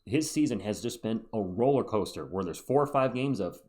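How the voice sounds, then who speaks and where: Chatty man doing sports fan commentary. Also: lowish voice. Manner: chatty, animated fan talk with quick asides. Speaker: sports channel host. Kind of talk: solo sports commentary video.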